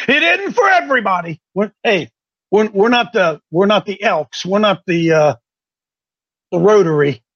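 A folksy man from Ohio hosts a casual broadcast, his voice sitting high for a man. He talks excitably and circles back over his own words. The recording sounds dull and lo-fi. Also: unhurried, pauses often. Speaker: host.

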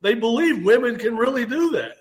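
A man's voice: extremely high pitch, big pitch swings, fairly quick. A man who teaches self-defense, talking animatedly on a call-in show and often restarting his sentences. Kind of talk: call-in talk.

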